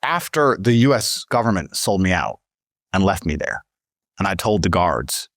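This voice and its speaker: A man telling a story in a monologue, animated and profane, acting out other people's lines. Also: low voice, normal speed, no room sound, studio quality. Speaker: public figure in a played clip.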